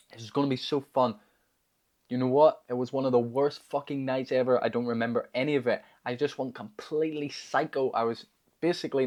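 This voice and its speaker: Young male host, confessional monologue, blunt and profane, mid-pitched. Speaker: self-help video host. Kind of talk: personal storytelling monologue.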